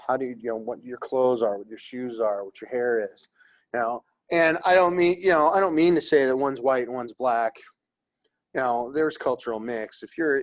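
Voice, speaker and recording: A man's voice: medium pitch, muffled recording. A middle-aged man teaching an art history class in a classroom, rambling and joking as he talks. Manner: rambling, conversational, jokey.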